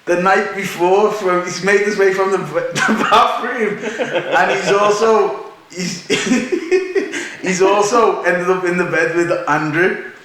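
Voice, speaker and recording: Guy telling a mad night-out story on a podcast, kinda high voice, loads of laughing, echoey room. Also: slow pace, a bit bright. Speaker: podcast host. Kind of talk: casual storytelling chat.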